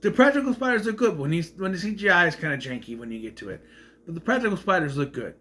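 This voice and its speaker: Animated, bright-voiced man recapping a movie. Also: sits high, quick pace. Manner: rambling, self-correcting retelling.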